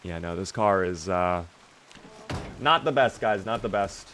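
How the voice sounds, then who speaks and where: A man's voice: low voice, lively intonation, measured pace, a bit bright, slight background noise. A young man streaming a zombie survival game, chatting casually and reading out viewer questions to answer them. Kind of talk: casual gameplay commentary reading chat.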